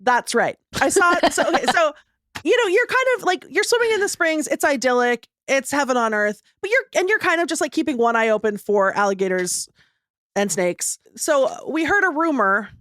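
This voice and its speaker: A woman's voice: high voice, big pitch swings, normal speed, fairly bright tone, no echo. A woman co-hosting a podcast, telling a rambling story in casual chat and laughing often. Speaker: podcast co-host.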